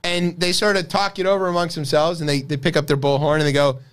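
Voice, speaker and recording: A man's voice: fairly high pitch, little pitch movement, quick pace, a bit bright, clean tone. A man co-hosting a podcast, talking through the news in a wry, sarcastic, casual way. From United States. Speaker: podcast co-host. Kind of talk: casual political chat.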